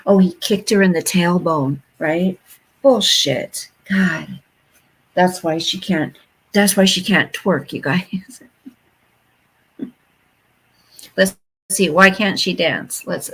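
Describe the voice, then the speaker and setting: A woman's voice: fairly low pitch, a bit bright, breathy edge, low-quality recording. A woman in her fifties chatting casually and bluntly to her viewers, telling gossipy stories. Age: 50s. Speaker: vlogger.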